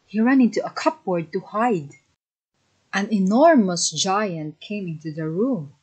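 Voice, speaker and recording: A woman narrating a children's fairy tale in a slow, simple storybook manner. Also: mid-range voice, expressive, breathy edge, poor audio.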